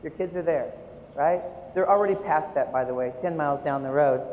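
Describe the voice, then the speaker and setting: A man in his forties giving a keynote talk to teachers, telling his story with animated, self-mocking humor. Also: fairly high pitch, fairly quick, highs cut off. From United States. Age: 40s. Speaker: keynote speaker and art educator. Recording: echoey hall, faint room noise.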